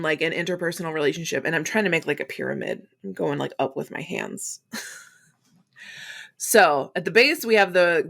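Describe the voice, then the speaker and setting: A woman hosting a podcast, talking frankly and chattily in a solo monologue, with casual swearing and quick acted-out asides. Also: fairly low pitch, fairly bright tone. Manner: acts out quoted voices in quick asides. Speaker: podcast host.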